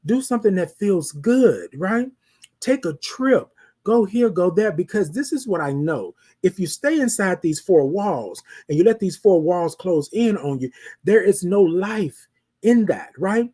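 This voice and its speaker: This is a husky-voiced host giving a motivational talk on a live show. The speech keeps circling back to the same phrases and reaches out to listeners with rhetorical questions. The tone is preacherly and direct, with regular nods to "ladies and gentlemen.". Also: mid-range voice, animated, measured pace. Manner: repetitive, preacherly, asks the audience rhetorical questions.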